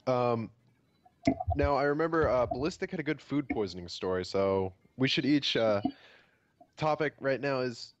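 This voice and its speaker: A man's voice: mid-range voice, lively intonation, moderate pace, lo-fi sound, slight background noise. A young man hosting a casual chat over a voice call, laid-back, stumbling over his words and swearing casually. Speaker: podcast host. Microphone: computer mic on a voice call.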